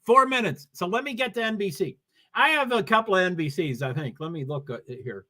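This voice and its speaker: A man with a New England accent chats his way through a casual livestream, wandering from viewer comments to racing news. His voice sits high for a man and has a bright, forceful edge. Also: lively intonation, brisk. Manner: rambling, reads comments and news aloud. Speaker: livestream host.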